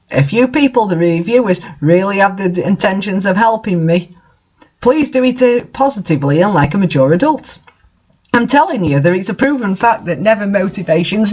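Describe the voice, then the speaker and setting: A reader giving a mock-dramatic reading of an author's note, theatrical, with sudden shouted outbursts. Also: mid-range voice, dull audio. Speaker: reader of fan fiction.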